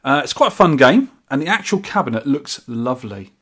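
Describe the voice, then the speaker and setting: A man's voice: medium pitch, very animated, brisk, a bit bright, breathy edge. A man co-hosting a podcast, chatting enthusiastically and casually, often restarting his sentences. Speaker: podcast co-host. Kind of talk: casual chat.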